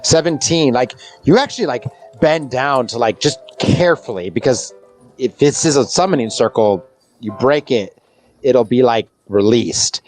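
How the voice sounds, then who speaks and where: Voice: medium pitch, lively intonation, moderate pace, darkish tone, soft background music. A game master narrating a tabletop game scene in a loose, rambling way full of restarts. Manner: rambling, many fillers and restarts.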